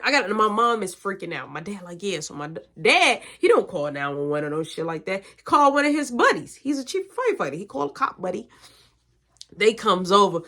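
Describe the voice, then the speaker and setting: A woman tells a personal story in a casual vlog style. She talks loose and slangy, swears freely, and keeps the telling lively and animated. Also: medium pitch.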